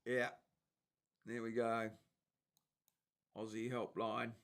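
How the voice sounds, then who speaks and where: A man's voice: medium pitch, slow. A man hosting, casually reading out and chuckling over social media posts. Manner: chuckling, relaxed, amused. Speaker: host.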